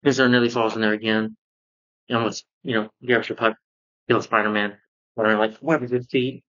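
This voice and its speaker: A man with a fairly low voice walks through a cartoon episode in a loose, rambling recap, leaning on "you know" and restarting his sentences. The sound is dull and lo-fi. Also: level tone, a little fast, bright, forceful tone. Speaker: cartoon reviewer. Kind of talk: casual spoken review.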